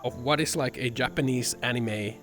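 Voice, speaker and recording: A man's voice: mid-range voice, moderate pace, fairly bright tone, soft background music. A man streaming, ranting casually with lots of swearing and filler words. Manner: rambling, profane, fillers "like" and "man". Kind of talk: casual chat.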